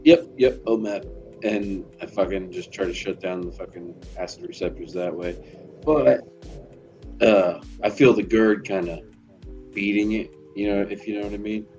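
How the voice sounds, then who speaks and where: A man's voice: fairly low pitch, steady tone, normal speed, over music, rough recording. A middle-aged man from Tennessee, chatting casually and telling rambling, profane stories while out delivering. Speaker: delivery driver streamer. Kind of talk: casual chat while driving.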